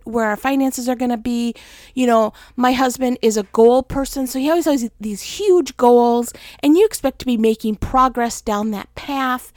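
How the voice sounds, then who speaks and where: On her personal faith podcast, a middle-aged host talks openly and pokes fun at herself, tired from her recovery. The studio-quality recording has no room sound, and her voice is a little high.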